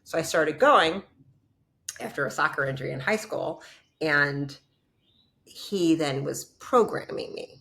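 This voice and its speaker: A woman chiropractor telling her story in an interview, blunt and animated, acting out past conversations and swearing freely. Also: sits low, unhurried, gravelly, pauses often. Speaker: chiropractor and podcast guest.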